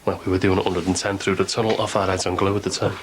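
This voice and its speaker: Brief: a man as a reformed tearaway, deep and husky, quick, blunt. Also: flat delivery, slight background noise, natural voice. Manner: blunt, rueful storytelling. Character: reformed young Liverpool tearaway, sober, earnest. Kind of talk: 1990s TV soap acting.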